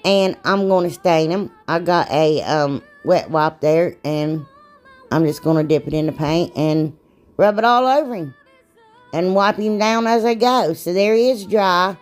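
A woman's voice: on the low side, measured pace, faint music behind. A woman chatting casually through a craft tutorial, rambling and self-deprecating, laughing at herself. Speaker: DIY crafts vlogger.

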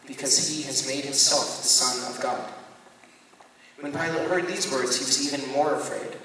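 A man, a Catholic priest, reading scripture aloud at a measured, deliberate pace and now and then correcting himself. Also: on the high side, steady tone, bright, forceful tone. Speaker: Catholic priest leading a Bible study. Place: parish hall or church room. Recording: echoey hall, voice from far off, faint room noise.

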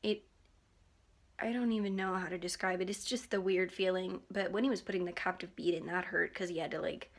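A woman's voice: fairly low pitch, steady tone, a little fast. Teenage girl, casual vlog chat, giggly, rambling, holding her face still while talking. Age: teens. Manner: giggly, rambling, lots of likes and ums; talks carefully, face held still. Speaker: vlogger.

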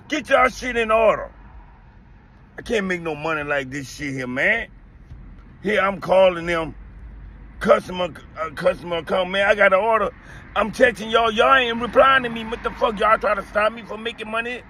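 A man's voice: high voice, sharp tone. A man with a Southern US accent, a delivery driver venting in a heated, profane rant to his phone camera. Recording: noisy outdoor traffic background.

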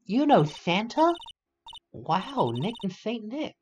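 A man voicing a cheerful, excitable young girl who talks eagerly. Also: high-pitched, slow pace, a little hiss or hum, voice pushed up, full character voice. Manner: bubbly, eager.

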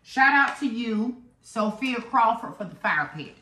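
A woman, chatting excitedly and dramatically to viewers while unboxing gifts at home. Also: a little high, a little slow. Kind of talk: casual chat to viewers. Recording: roomy echo, faint noise.

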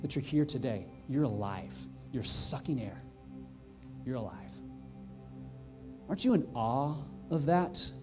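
A male pastor preaching a sermon in a church, earnest and heartfelt, building to excited emphasis. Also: mid-range voice, measured pace, long pauses, music in the background. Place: church sanctuary.

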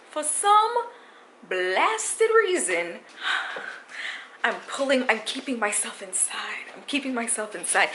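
A woman's voice: fairly high pitch, poor audio. A young woman from New City, chatting candidly to viewers in a casual vlog. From New York City. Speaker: vlogger. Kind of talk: casual vlog chat to camera. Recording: loud background noise, handheld vlog.

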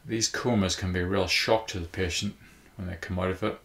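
A man voicing a matter-of-fact male hospital doctor who speaks briskly and clinically, in a storybook reading. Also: low voice, fairly even intonation, a bit bright. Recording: roomy echo.

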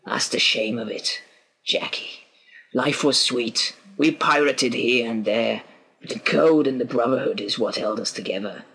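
A man voicing an older male pirate, a weary father, speaking slowly and ruefully. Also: mid-range voice, creaky, sharp tone, slightly rough, heavily acted, low-quality recording.

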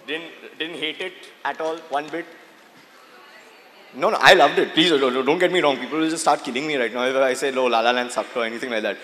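A young man doing stand-up comedy, telling stories with animated acted-out voices and mixing English with Hindi. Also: fairly high pitch, fairly quick. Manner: animated storytelling, acts out quoted voices, mixes English with Hindi. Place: stage at a literature festival. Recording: live hall with crowd and noise.

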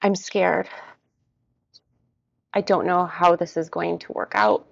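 A woman guides a tapping exercise and works through short first-person statements one after another in an even rhythm. Her voice sits low and has a gravelly fry. The recording is dry and sounds a little dull. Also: slow pace, no room sound. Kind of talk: guided tapping, spoken affirmations.

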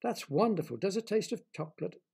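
A man's voice: high-pitched, expressive, fairly quick, creaky, darkish tone, slightly rough, voice pushed up, heavily acted. A man voicing a curious, eager little girl in a children's story, asking lots of questions.

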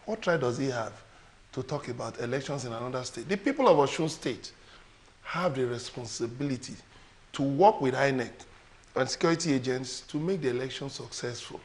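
Nigerian male panelist, mid-pitched voice, emphatic and insistent with rhetorical questions. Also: brisk. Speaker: panel guest. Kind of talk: TV panel discussion.

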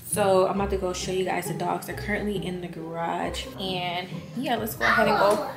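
A woman's voice: on the low side, fairly quick, creaky, reverberant, very noisy. A young woman, chatting casually to her viewers in a vlog and sounding a little out of breath. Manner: chatty, addresses viewers as y'all. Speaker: vlogger. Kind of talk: casual vlog talk to camera.

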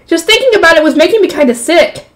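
A woman's voice: very high-pitched, lively intonation, fast talker, fairly bright tone, rough recording. A woman reading a light novel aloud, breaking off to react with exclamations and groans.

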